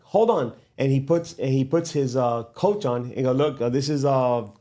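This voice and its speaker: Lively middle-aged man telling a story. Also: medium pitch, moderate pace. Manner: animated, acts out quoted dialogue, laughs often. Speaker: podcast guest, father of a ballplayer. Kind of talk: casual storytelling.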